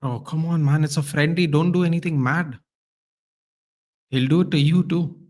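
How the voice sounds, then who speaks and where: A man hosting a live football watchalong stream, chatting casually and reacting loudly to the play with lots of slang. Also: a little high, steady tone, normal speed.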